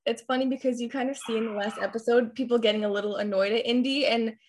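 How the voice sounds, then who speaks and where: A woman's voice: a little high, steady tone, fast, a little hiss or hum. A woman interviewing a guest in casual, chatty conversation.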